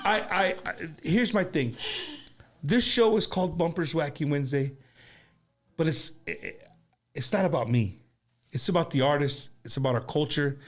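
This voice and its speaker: A man hosting a casual studio chat show, talking in animated, rambling bursts with many restarts. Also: on the high side, normal speed, pauses often. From United States. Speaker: show host.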